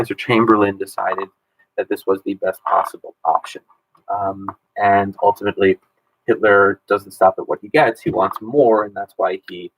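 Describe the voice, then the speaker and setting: A man's voice: fairly low pitch, no echo, rough recording. A man in his thirties, a history teacher running a casual exam review Q&A and talking in a chatty way with many ums and restarts.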